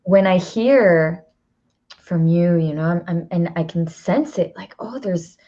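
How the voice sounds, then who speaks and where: A woman's voice: on the low side, unhurried, dark tone, lo-fi sound. A woman hosting a casual conversation, speaking in a reflective way and laughing easily. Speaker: host.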